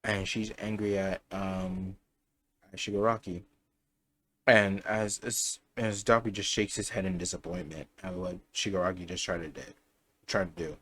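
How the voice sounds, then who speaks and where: A man's voice: sits low, steady tone, normal speed, a bit bright. A young man casually improvising a fan story aloud, rambling and correcting himself as he goes. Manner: rambling, self-correcting, chatty.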